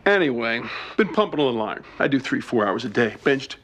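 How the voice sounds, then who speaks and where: A smarmy gym-rat flirt. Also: male voice, medium pitch, very animated, fast talker, a bit bright, a little hiss or hum. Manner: boastful, smarmy pick-up lines. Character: cocky muscle-bound ladies' man.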